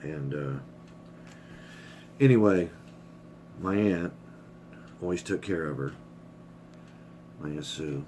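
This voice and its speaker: Deep and darkish in tone, the voice of this middle-aged vlogger comes through with a bit of hiss or hum. He speaks candidly and rambles in a casual personal vlog, swearing liberally while getting emotional and choked up.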